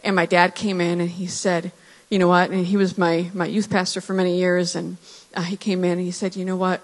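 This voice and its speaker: A woman's voice: on the low side, little pitch movement. Earnest woman in her thirties, reverberant hall. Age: 30s. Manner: earnest, reflective, with pauses and restarts. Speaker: church speaker sharing testimony. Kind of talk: personal testimony in church.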